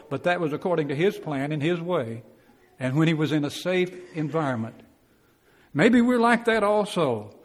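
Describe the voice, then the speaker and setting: A man's voice: sits high, expressive, moderate pace, in a large hall. A man preaching a Bible class sermon in a folksy, plainspoken way, acting out quotes and chuckling.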